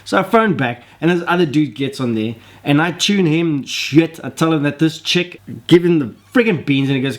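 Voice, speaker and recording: A man's voice: fairly high pitch, a little fast. Fed-up man ranting. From South Africa. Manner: exasperated, swears, acts out quoted dialogue. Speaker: vlogger. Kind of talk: ranting complaint story.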